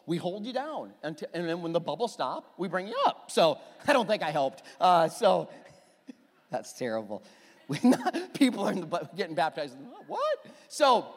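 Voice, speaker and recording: A man preaching a sermon as pastor, lively and joking, acting out little quoted exchanges. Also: fairly high pitch. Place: church sanctuary. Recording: long church hall reverb.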